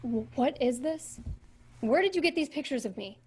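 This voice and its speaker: An actress playing a young wife in an audio drama, sometimes calm and evasive, sometimes frantic and insistent. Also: female voice, high-pitched, normal speed, breathy edge. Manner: plain, then frantic and insistent. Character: young wife, secretive then panicked. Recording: voice over music from a played audio drama. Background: music.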